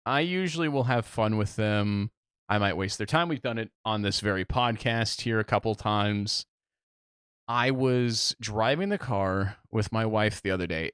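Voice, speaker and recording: Animated young man telling a story. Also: clean tone, no room sound, clean studio sound. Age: young adult. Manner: animated storyteller, acts out quotes with big pitch jumps. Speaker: podcast co-host. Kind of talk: casual chat.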